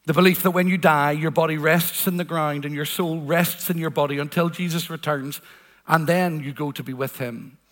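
A man delivers a sermon in a high, bright, ringing voice. He is earnest and emphatic, and he drives his points home by repeating phrases. A long reverb trails after his words, as in a large church hall. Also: fairly even intonation, moderate pace. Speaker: preacher.

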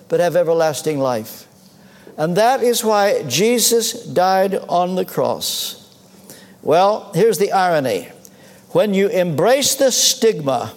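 Slow, lively preacher in a reverberant hall. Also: male voice, high-pitched. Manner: emphatic, rhetorical questions. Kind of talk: sermon.

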